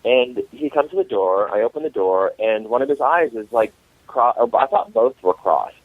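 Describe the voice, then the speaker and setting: A man, an author and guest, telling comic dating stories in an animated way. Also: mid-range voice, normal speed, no echo. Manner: animated, comic storyteller acting out quotes. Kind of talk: storytelling interview. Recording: tinny phone line.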